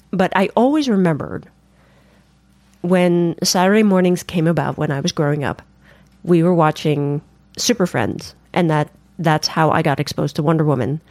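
Deep and darkish, her voice carries no room sound as she co-hosts a casual podcast conversation. Upbeat and quick to react, she's the one steering each segment.

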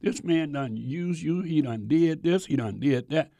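A man preaching a sermon, reading scripture haltingly and breaking off into folksy, animated asides. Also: fairly high pitch, gravelly, no echo, dull audio.

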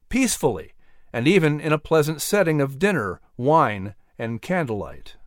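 A man narrating a historical storybook tale in a measured, dramatic scripted reading. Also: medium pitch, dry recording, clean studio sound.

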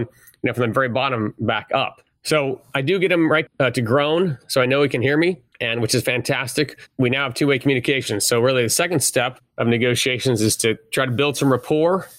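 A middle-aged man, a retired negotiator, tells stories as an interview guest, often chuckling as he goes. His voice is mid-range with a fairly bright tone, and there's no echo.

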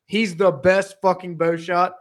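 A man's voice: sits high, little pitch movement, unhurried, a bit bright. A man co-hosting a casual podcast, talking loosely and laughing, with some swearing. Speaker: podcast co-host. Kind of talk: casual chat.

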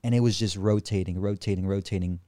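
A man on a podcast as a guest, telling a story in an animated, excitable, casual way, full of slang and swearing. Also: sits low, fast talker, no echo.

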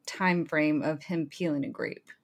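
A woman in a casual movie chat, with a slightly low voice. She teases the others and talks with animation, trading quick remarks around the table. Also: fairly even intonation. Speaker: podcast co-host.

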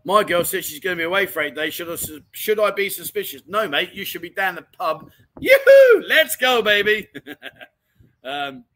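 A man's voice: on the high side, brisk, hardly any pauses, sharp tone, rough recording. A man hosting a casual livestream chat from home, reading viewer comments and calling everyone mate. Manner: chatty and matey, keeps calling people mate. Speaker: livestream chat show host. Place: home in Pattaya.

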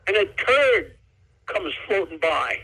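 A man telling jokes as a comedian guest on an interview, an animated storyteller who laughs at his own jokes. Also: sits high, takes it slowly, creaky, husky, low-quality recording.

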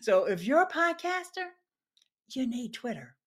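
A woman's voice: high voice, very animated, unhurried. A woman guest on a live-streamed chat show, friendly and easy to laugh. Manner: friendly, greets viewers by name, laughs easily.

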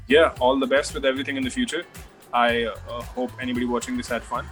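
A man with a mid-range voice talks as a guest in a casual conversation. He thinks out loud, leaning on fillers like "you know" and "like". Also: mid-range voice, steady tone, fast, soft background music. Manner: reflective, filler-heavy, says "you know" often.

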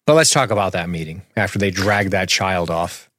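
A man with a lowish voice chatting candidly about a TV episode on a podcast. He often quotes the show's dialogue and swears casually. The recording is dry and close. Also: animated, a little fast, a bit bright, no room sound. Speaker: podcast co-host.

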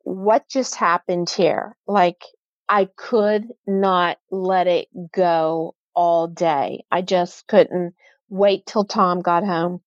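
This is a very slow, steady-toned woman's voice on the low side, captured dry with the highs cut off. She's a middle-aged guest on a podcast, sharing a personal experience in interview and vividly voicing the people she quotes.

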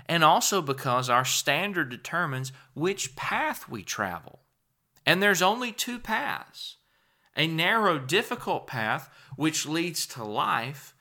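A man delivering a sermon at an unhurried pace. His voice is bright and forceful, and he presses hard on key words. Between points he slips into plain, conversational asides. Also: mid-range voice. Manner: emphatic, rises and falls in volume for stress. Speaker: preacher.

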